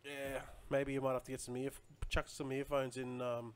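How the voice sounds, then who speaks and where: A man's voice: medium pitch, little pitch movement, moderate pace, smooth. A man chatting casually on a live stream, rambling loosely and answering viewer comments as he goes.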